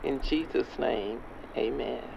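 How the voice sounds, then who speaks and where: A man's voice: medium pitch, slow pace, gravelly, a crowd in the background. A man playing an older preacher who counsels a young man and leads him in prayer, line by line, in an earnest way. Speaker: street preacher. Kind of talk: dramatic skit. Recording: muffled street recording with traffic noise.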